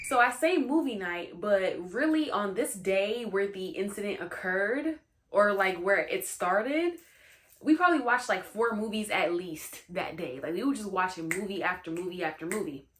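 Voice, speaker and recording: A woman's voice: medium pitch, expressive, normal speed, a bit bright, a little hiss or hum. A young woman telling a personal story in a casual, slangy storytime chat, full of "you know what I'm saying.". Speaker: storytime host.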